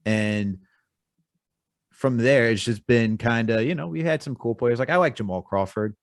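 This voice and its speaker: A man from New York co-hosting a sports podcast, talking with animated, emphatic fan banter. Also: medium pitch, moderate pace, dry recording, studio quality. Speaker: podcast co-host. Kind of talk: casual podcast chat.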